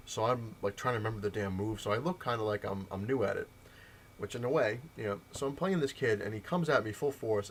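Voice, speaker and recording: A man's voice: medium pitch, slight background noise. A man in his thirties hosting a casual video rant, telling a rambling story and mimicking the people he quotes. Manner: rambling storyteller, mocks the voices of gamers he quotes. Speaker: comic shop video host.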